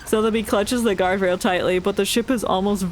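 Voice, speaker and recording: Streamer voicing game text live, jokey asides and laughs, mid-pitched. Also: steady tone, brisk, slight background noise. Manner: playful, laughing, joking asides. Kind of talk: reading game story aloud with live reactions.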